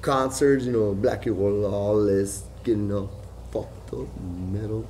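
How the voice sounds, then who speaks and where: A middle-aged man, talking in a rambling, profane monologue that jumps from loud outbursts to low mutters. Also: steady tone, a little slow, slight background noise. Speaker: vlogger.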